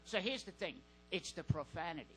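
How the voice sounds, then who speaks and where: A man doing a stand-up set in a comedy club, deadpan and halting with fillers. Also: high voice, husky, low-quality recording.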